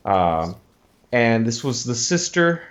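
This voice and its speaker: A man in his thirties talks through a long story in a loose, casual way, often restarting sentences and slipping into the voices of the people he quotes. His pitch sits at a middling level. The recording sounds a little dull and lo-fi. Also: very animated, slow. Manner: rambling, many restarts, acts out quoted voices. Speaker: interview guest. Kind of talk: casual interview chat.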